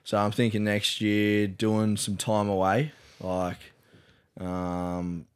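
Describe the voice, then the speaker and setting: A young Australian man chats casually on a podcast with a fairly low voice. He drops in quick slang quips and talks in a relaxed way. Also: clean tone. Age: young adult. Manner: quick joking interjections, slang. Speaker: podcast co-host. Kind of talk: casual chat.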